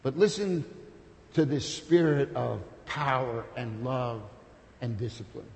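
A man preaching a sermon with passion, building to loud peaks and then dropping to soft, intimate storytelling. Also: mid-range voice, lively intonation, slow, vocal fry. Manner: impassioned, builds to shouts, then drops soft. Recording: long hall reverb.

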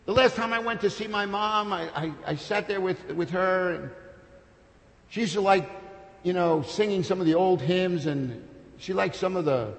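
A man preaching a sermon with passion, building to loud peaks and then dropping to soft, intimate storytelling. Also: high-pitched, moderate pace. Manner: impassioned, builds to shouts, then drops soft. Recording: long hall reverb.

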